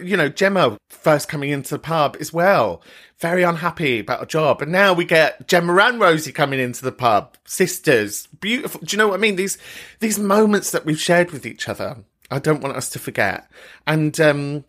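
A podcast host in a camp chats casually in a slightly high, somewhat bright voice, with a sweary style and frequent laughter.

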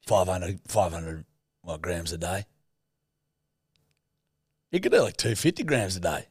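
A man's voice: deep voice, sing-song, a little slow, husky, no echo, studio quality. A young man, co-hosting a podcast in laid-back, swearing casual chat with lots of laughs. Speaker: podcast co-host.

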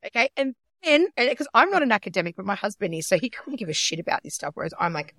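Lively woman telling a story. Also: mid-range voice, fast, few pauses, dry recording, clean studio sound. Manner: animated storyteller, acts out quotes. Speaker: podcast co-host. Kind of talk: casual chat.

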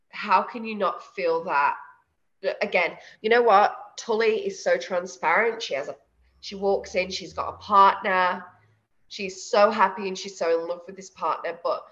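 A woman chatting casually as an interview guest, animated, laughing often and swearing freely. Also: medium pitch, lo-fi sound. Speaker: evicted reality show contestant, guest.

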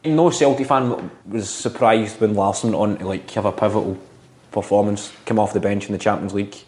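A man's voice: fairly low pitch, fairly even intonation, fairly quick, a little mellow. A Scottish comedian in his thirties, a guest telling wry, self-deprecating stories in casual conversation. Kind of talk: casual interview chat.

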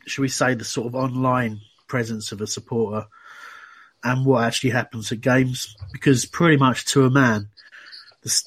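Hosting a casual fan podcast, a man talks chattily, with many restarts and plenty of "you know"s. His mid-range voice is a bit bright and slightly rough.

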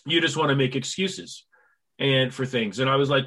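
A man in his forties hosting a podcast, telling long, animated stories full of acted-out quotes in a casual interview chat. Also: mid-range voice, moderate pace. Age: 40s. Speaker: podcast host.

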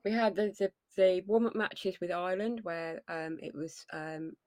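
A woman's voice: lowish voice, normal speed, darkish tone, no echo. A woman co-hosting a casual sports podcast, talking in long rambling runs. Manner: rambling, many fillers and restarts. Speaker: podcast co-host.

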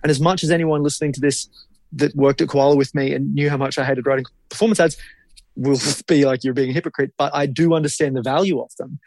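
A man's voice: on the high side, fairly even intonation, quick pace, darkish tone, no room sound. A man, co-hosting a podcast as a marketing creative in casual chat, blunt and opinionated and swearing freely.

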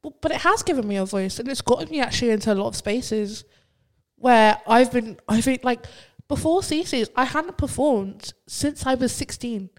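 In a slightly high voice at a normal pace, a woman in her 20s, a poet, chats as a podcast guest. The casual conversation is lively and expressive, with her mock-quoting others.

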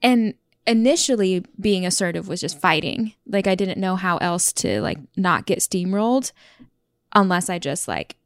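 A woman's voice: lowish voice, expressive, normal speed, no room sound, clean studio sound. A woman in a casual couples chat, talking freely with lots of "like.". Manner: chatty, frequent "like" fillers.

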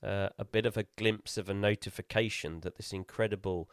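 A man's voice: on the low side, steady tone, a little fast, clean tone, dry recording, studio quality. A man hosting a casual interview, asking long, enthusiastic questions. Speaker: host.

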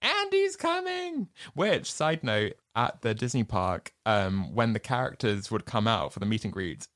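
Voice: mid-range voice, lively intonation, moderate pace, fairly bright tone, no room sound, clean studio sound. A podcast co-host in casual chat, telling stories animatedly and laughing often.

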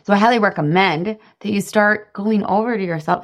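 A woman in her thirties giving a casual coaching talk, animated and laughing often, acting out quoted voices. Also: medium pitch, a little fast, few pauses, muffled recording. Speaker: podcast host and weight loss coach.

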